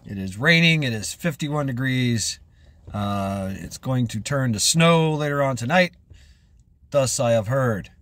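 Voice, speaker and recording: A man's voice: medium pitch, expressive, measured pace, fairly bright tone, dry recording. A man vlogging in a casual, rambling monologue, chuckling often and restarting his sentences with many fillers.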